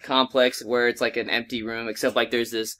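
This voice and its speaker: A young man leads a film discussion on a podcast with wry jokes. His voice is bright and forward, middle in pitch. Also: level tone, fairly quick. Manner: wry, steers the talk, mocking jokes. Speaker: podcast co-host. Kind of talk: casual movie review chat.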